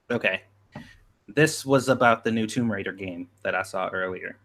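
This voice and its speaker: A man co-hosting a casual livestream, chatting in a relaxed way and laughing often. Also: fairly low pitch, measured pace, vocal fry. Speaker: co-host.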